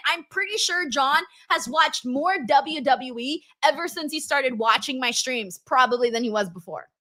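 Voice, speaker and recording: A woman's voice: high-pitched, bright, forceful tone. A woman hosting a live stream, reading viewers' comments aloud in casual chat, laughing often and swearing freely.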